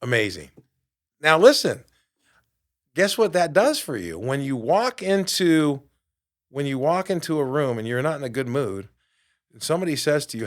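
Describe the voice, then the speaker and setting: Energetic fifty-something man podcast host. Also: on the high side, normal speed. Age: 50s. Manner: energetic, emphatic, swings from loud to quiet. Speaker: podcast host and fitness coach. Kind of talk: motivational talk. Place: podcast studio.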